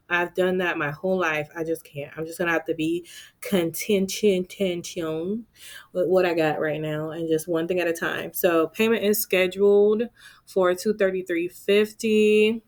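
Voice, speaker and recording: A woman talking casually to viewers while doing her budget, chatty and playful with asides to herself. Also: mid-range voice. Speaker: budgeting vlogger. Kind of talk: casual talk-through of budgeting.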